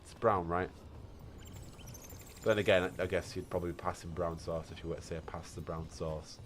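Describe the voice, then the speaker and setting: A man's voice: low-pitched, fairly even intonation, moderate pace, slight background noise. A British man streaming a game, chatting playfully and answering his chat as he goes. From Britain. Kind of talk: casual chat while gaming.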